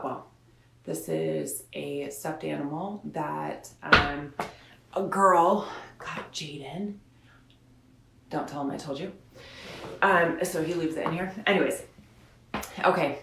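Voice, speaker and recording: Chatty low-voiced woman reading aloud. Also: a little hiss or hum. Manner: chatty and rambling, slows down to read. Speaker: radio host reading a children's book. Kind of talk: chatty storybook read-aloud. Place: son's bedroom at home. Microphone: phone or camera set up in front of her. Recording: roomy bedroom sound.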